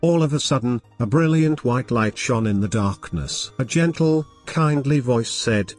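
A man narrating a fairy tale as a scripted bedtime story, reading calmly and gently at a steady pace. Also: mid-range voice, a little slow, hardly any pauses, faint music behind.

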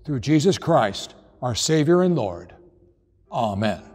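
A man's voice: medium pitch, sing-song, takes it slowly, darkish tone, breathy edge, faint music behind. A man solemnly reciting liturgical blessings and a prayer in church. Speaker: pastor. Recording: reverberant church hall.

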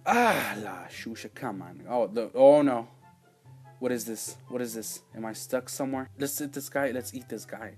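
A man giving casual let's-play commentary as a gaming channel host, rambling and excitable, with sudden loud outbursts and quiet asides. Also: medium pitch, moderate pace, slightly rough, faint music behind.

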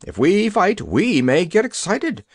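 A cowardly, overly polite army general who frets at every turn, as a male narrator puts him on. His voice jumps high and sounds nervous. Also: wildly swooping pitch, a little slow, husky, dry recording, studio quality, full character voice.

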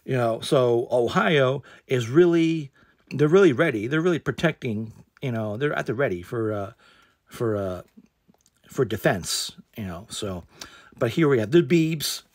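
A man's voice: medium pitch, animated, a little slow, darkish tone, dry recording, studio quality. A man hosting a casual card unboxing, rambling with lots of fillers and repeated exclamations.

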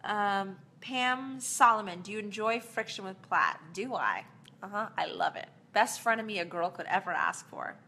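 Bright, chatty woman answering fans. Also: medium pitch, sing-song, normal speed, slight background noise. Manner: chatty, rambling, with fillers and laughs. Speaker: actress answering fan questions. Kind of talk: casual live Q&A.

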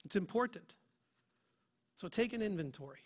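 A man's voice: sits high, expressive, moderate pace. A man preaching a sermon as pastor, talking earnestly and asking his listeners many rhetorical questions. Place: church.

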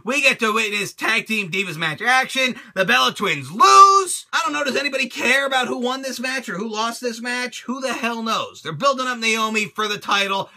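A man hosting his own channel, reviewing a wrestling show in an animated, crude rant full of swearing and laughter. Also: high voice, creaky.

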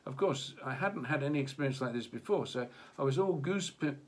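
In Japan, a man co-hosts a casual discussion about religion, his mid-range voice lively in intonation and a little fast. He speaks hesitantly, restarting often and using many fillers.

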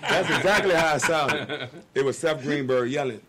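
A man, a guest telling a long story in casual talk on a radio show, animated and acting out the people he quotes. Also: on the high side, brisk, background noise.

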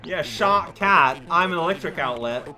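A man giving casual gameplay commentary as a let's play host, rambling and goofy with excitable bursts. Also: a little high, moderate pace. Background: game music.

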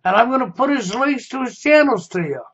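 Very high-pitched, animated, and fairly quick, this YouTube commentator's bright voice has a breathy edge as he confronts and accuses, repeatedly punctuating his points with a pointed "okay?". The sound is dull lo-fi.

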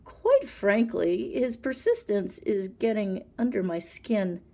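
A woman's voice: mid-range voice, sing-song, takes it slowly, a little mellow, full character voice. A woman voicing an anxious, learned holy man who speaks formally and sounds put-upon. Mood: nervous.

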